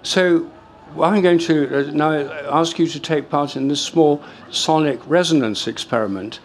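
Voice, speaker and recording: Older man lecturing, measured with fillers. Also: fairly high pitch. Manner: measured and explanatory, with frequent fillers and restarts. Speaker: speaker giving a talk. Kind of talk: lecture to a live audience. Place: hall or lecture room with an audience.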